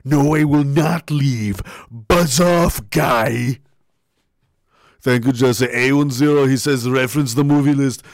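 A man's voice: mid-range voice, takes it slowly, dry recording, clean studio sound. A man hosting a casual live stream, reacting to chat with laughter, swearing and trailing mutters. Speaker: livestreamer.

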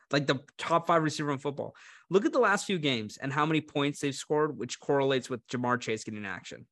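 A man's voice: a little high, fairly quick, fairly bright tone. A man co-hosting a casual sports betting chat, opinionated and sarcastic as he makes his football picks. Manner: puts on a mock Cleveland accent at times. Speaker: podcast co-host making football picks.

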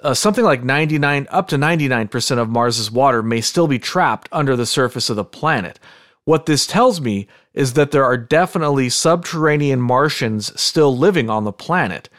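A man's voice: mid-range voice, expressive, fairly quick, fairly bright tone, no echo. Joking podcast host man, dry sound. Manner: joking, playful. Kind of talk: casual chat.

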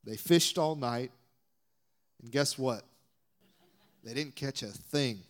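A man's voice: mid-range voice, slow. A young adult man with a Southern US accent preaching a sermon as a guest speaker, emphatic and dropping now and then to whispered asides.

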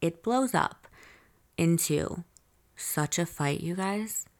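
Candid podcast host, a woman with a lowish, gravelly voice who tells her story straight to the listeners. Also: lively intonation, takes it slowly. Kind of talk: confessional diary storytelling.

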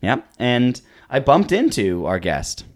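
A man co-hosting a comedy podcast. His mid-pitched voice swings widely in pitch as he plays with words and echoes his partner's jokes. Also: big pitch swings, slow. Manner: playful, wordplay, echoing his partner. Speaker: podcast co-host. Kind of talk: comedic banter.

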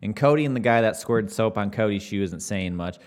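Young man, casual storytelling, animated, swears a lot, acts out quotes. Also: on the low side, a little fast.

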